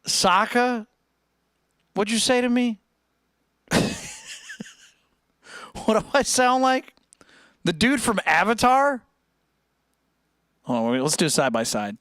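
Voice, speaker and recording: A man's voice: sits high, lively intonation, slow, pauses often, a bit bright, clean tone, no room sound, studio quality. A man streaming, chatting casually and joking around with lots of laughs. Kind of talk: casual chat.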